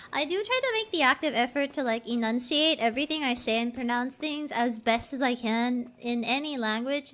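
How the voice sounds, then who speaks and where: A woman's voice: high-pitched, bright, forceful tone, a little hiss or hum. A woman with a Filipino accent, chatting casually with viewers while streaming a game, rambling and restarting her phrases as she thinks aloud. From Philippines.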